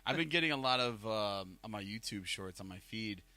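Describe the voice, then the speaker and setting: A man's voice: lowish voice, animated, fairly quick, bright, forceful tone, no room sound. A man with a Northeast Ohio accent, hosting a casual podcast and telling rambling stories full of fillers. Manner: rambling storyteller, filler-heavy. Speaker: podcast host. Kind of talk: casual chat.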